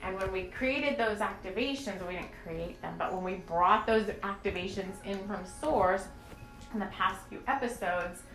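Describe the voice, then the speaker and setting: A woman's voice: mid-range voice, moderate pace. A woman hosting a spiritual podcast, talking in an earnest, rambling and emotional way with many fillers. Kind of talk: channeled spiritual podcast talk. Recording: echoey room with soft music.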